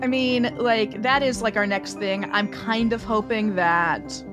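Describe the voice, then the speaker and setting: A woman's voice: mid-range voice, steady tone, measured pace, over music. A woman playing a tabletop game, chatting casually, hesitant and swearing freely. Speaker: player. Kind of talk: casual play chat.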